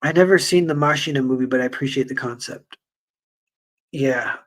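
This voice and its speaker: A man streaming and chatting casually with viewers, rambling with lots of fillers and animated retellings. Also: medium pitch, moderate pace. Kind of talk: casual livestream chat.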